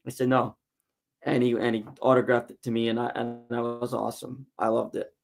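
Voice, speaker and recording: A man's voice: medium pitch, fairly even intonation, a little fast, creaky. A man chatting on a podcast in a mid-range voice, rambling through his stories. He doubles back often and restarts his sentences as he goes. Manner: rambling storyteller with many restarts. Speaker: guest, wrestling promotion figure. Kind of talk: casual podcast chat.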